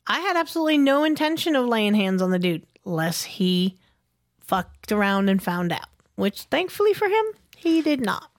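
A woman's voice: medium pitch, very animated, moderate pace, dry recording. A woman co-hosting a podcast, telling a story in a blunt, emphatic, heavily profane way. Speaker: podcast co-host.

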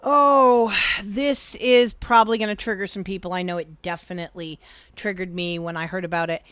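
A woman co-hosting a casual podcast, blunt and animated, swearing freely as she gives her opinions. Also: medium pitch, normal speed, clear, resonant tone, no room sound. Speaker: podcast co-host. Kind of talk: casual chat.

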